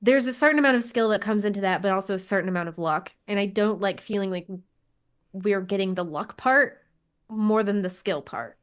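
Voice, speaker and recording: A woman on a podcast call, speaking in an ordinary middle-pitched voice. She is frank and animated, swears freely and laughs as she talks. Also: brisk, smooth. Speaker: podcast co-host. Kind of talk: casual chat.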